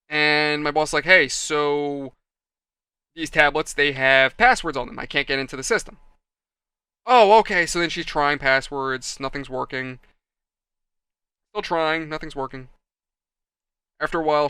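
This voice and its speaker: A man telling a rambling story in a chatty, animated way while building a model kit. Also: on the high side, clear, resonant tone, no echo. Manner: chatty, animated, acts out quoted people.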